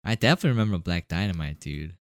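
A young man co-hosting a podcast in casual chat, lively and casual. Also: low-pitched, rapid-fire, no echo, clean studio sound. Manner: lively, casual, says dude a lot. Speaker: podcast co-host.

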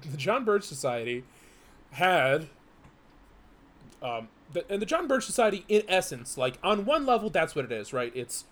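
A man's voice: mid-range voice, a bit bright. A man co-hosting a podcast in casual chat, explaining at length with many restarts and fillers. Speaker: podcast co-host.

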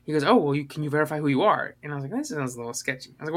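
A man's voice: a little high, racing, hardly any pauses, a bit bright. A man co-hosting a podcast, rambling through a story with lots of fillers and acted-out quotes. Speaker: podcast co-host. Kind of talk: casual podcast chat.

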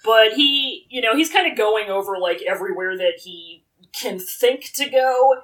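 A woman co-hosting a casual book discussion, recapping the story with a lively voice. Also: fairly high pitch, normal speed, recorded from a distance, poor audio. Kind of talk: casual book-club chat.

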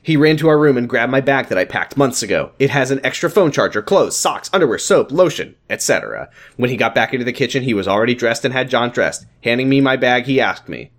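A man with an ordinary mid-range voice reads fanfiction aloud, his intonation rising and falling dramatically. Between lines he drops dry, deadpan remarks. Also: medium pitch, fast talker, few pauses. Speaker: podcast co-host reading fanfiction aloud. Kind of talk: comedic reading with banter.

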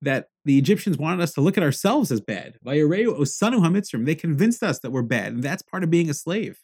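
A man giving a Torah lecture, energetic, weaving Hebrew phrases into his talk and jumping up in pitch to stress a point. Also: a little fast, slightly rough. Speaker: Torah teacher.

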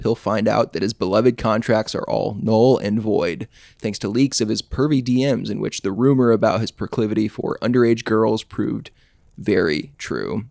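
A man's voice: fairly low pitch, vocal fry, darkish tone, no room sound. A man hosting a podcast, reading his own short story aloud with dry, sardonic narration. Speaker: podcast host.

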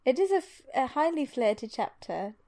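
A woman's voice: high voice, big pitch swings, fairly quick, dark tone. A woman co-hosting a podcast over a video call, playful and a little hesitant in casual chat. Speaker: podcast co-host.

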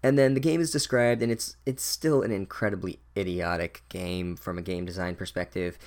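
A man's voice: low voice, steady tone, normal speed, a little mellow. A man giving a sarcastic, exasperated and profane comedic book recap. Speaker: book reviewer.

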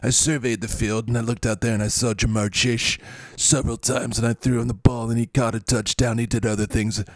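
A man's voice: medium pitch, little pitch movement, fairly quick, no room sound, lightly acted. A man playing a boastful adult quarterback who keeps repeating his own feats in a self-important way. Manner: repetitive, bragging, self-important.

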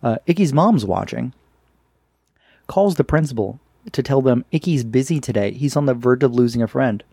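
A man co-hosting a podcast, chatting casually about a cartoon, animated and laughing as he acts out quotes. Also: mid-range voice, normal speed, vocal fry, breathy edge, dry recording, studio quality. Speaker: podcast co-host. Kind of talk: casual chat recapping a cartoon.

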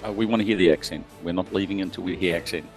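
A man's voice: sits low, racing, soft background music. A man player in a tabletop game, bantering and teasing the others.

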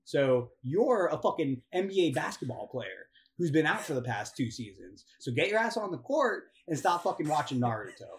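A young man co-hosting a casual sports talk show, ranting with lots of swearing and climbing higher in pitch as he gets worked up. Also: very animated, moderate pace, few pauses. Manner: profane, ranting, laughs and rises in pitch when worked up. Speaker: podcast co-host.

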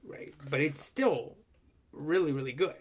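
A young man with a slightly higher-pitched voice chats casually as a podcast co-host. He rambles along with many fillers, animated and loose. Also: measured pace, husky. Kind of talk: casual chat.

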